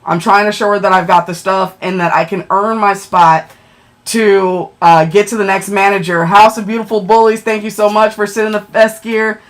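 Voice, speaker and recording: A woman chatting on a livestream, excitable and emotional as she thanks viewers for gifts and checks her ranking. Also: mid-range voice, moderate pace.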